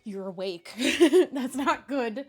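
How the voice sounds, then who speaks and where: A woman's voice: high-pitched, expressive, slow pace, husky. A young adult woman streaming live, chatting casually and rambling, laughing often between complaints.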